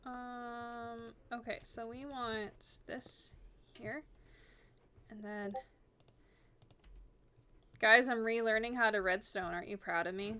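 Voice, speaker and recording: A woman's voice: fairly high pitch, steady tone, slow, long pauses, sharp tone, slight background noise. A woman streaming a game, chatting casually and rambling with lots of filler words. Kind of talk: casual chat while gaming.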